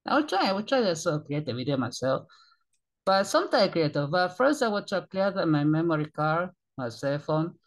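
Excitable man in broken English. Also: fairly high pitch, brisk. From Argentina. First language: Spanish. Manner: excitable, rambling broken English, frequent swearing. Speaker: YouTube reaction channel host. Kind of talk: casual reaction commentary.

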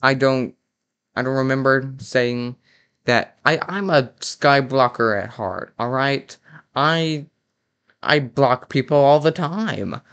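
A man's voice: mid-range voice, takes it slowly, fairly bright tone, smooth, muffled recording. A young man doing a parody commentary of a game video, sarcastic and mock-outraged, often stumbling and restarting his sentences. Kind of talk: mock-critical reaction commentary.

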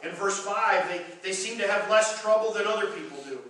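A man with a high, bright voice preaches a sermon to his congregation. He presses each point with emphasis and often doubles his words. The sound comes from a distant mic in a booming, echoey church hall with faint background noise. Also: a little fast. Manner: emphatic, stumbling repeats of words. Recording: echoey hall recorded from far off.

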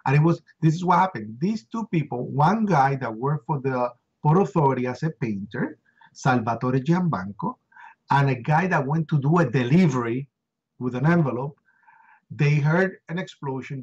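A middle-aged man, an interview guest, recounting a harrowing first-hand story with emotion, repeating words and acting out shouts. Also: on the high side, breathy edge, dull audio.

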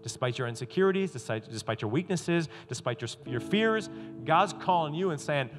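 A man preaching an energetic youth sermon, acting out quotes with stammers and sudden loud bursts. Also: on the high side, moderate pace. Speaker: youth pastor. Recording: live in a hall with music playing behind.

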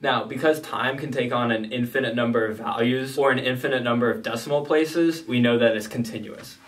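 A man's voice: medium pitch, brisk. Man explaining statistics, slightly distant mic. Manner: plain, methodical explaining with casual asides. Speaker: statistics teacher. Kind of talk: explanatory lesson.

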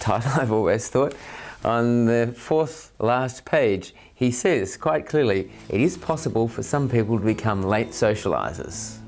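A man's voice: on the low side, darkish tone. A man with an Australian accent, a parent presenting a scripted talk in an earnest, methodical way, counting off his points by number. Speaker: parent and autism training promoter.

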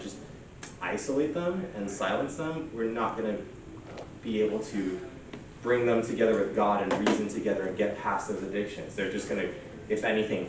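A man's voice: fairly low pitch, a little hiss or hum. A man leading a church workshop in a casual, chatty way, often slipping into quoted asides. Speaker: workshop presenter. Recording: echoey distant room recording.

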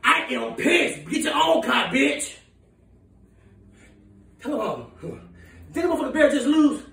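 A man playing a furious, foul-mouthed woman who runs a big city, ranting in shouts and laughter. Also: very high-pitched, sing-song, unhurried, gravelly, a little hiss or hum, heavily acted. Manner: shouting, profane, laughing rants. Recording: echoey room, voice from far off.

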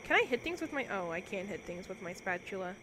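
A woman's voice: mid-range voice, big pitch swings, quick pace, noisy background. A young woman casually commentating on a cooking game she is streaming, talking playfully to her viewers as she plays.

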